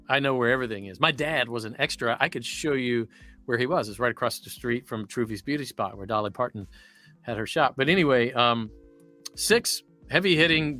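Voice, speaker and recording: A bright, forward-voiced man with a Southern US accent chats casually on a livestream. He rambles easily from one story to the next as a voice actor talking shop. Faint music plays underneath. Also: medium pitch. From Louisiana, US.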